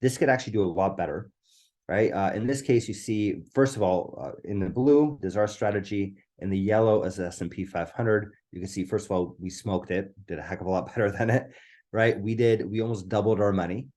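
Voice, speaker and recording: A low, mellow-voiced man presenting a live online webinar into a computer mic. His voice is going a little hoarse. He talks eagerly and keeps tagging "right?" onto his points. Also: a little fast. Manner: enthusiastic, keeps asking "right?".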